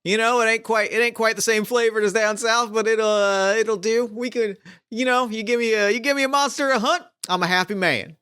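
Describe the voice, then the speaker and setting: A man's voice: sits high, steady tone, a little fast, sharp tone, clean tone, voice pushed up. A man voicing a swaggering cowboy monster hunter in a tabletop game, with a folksy drawl. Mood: eager.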